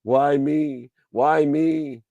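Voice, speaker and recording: A man's voice: on the high side, steady tone, very slow, dark tone, dry recording, dull audio, pitched above the performer's own voice. A man mimicking a whiny self-pitying victim. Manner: whining, pleading.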